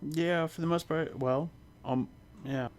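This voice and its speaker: A man acting as game master, describing an online tabletop game scene haltingly, with many fillers. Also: fairly high pitch, fairly even intonation. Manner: hesitant, filler-heavy description.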